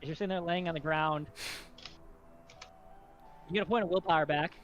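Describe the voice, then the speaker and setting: Halting man narrating as game master. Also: on the high side, fairly even intonation, a bit bright, lo-fi sound. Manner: halting, with many restarts and fillers. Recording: background music under voice.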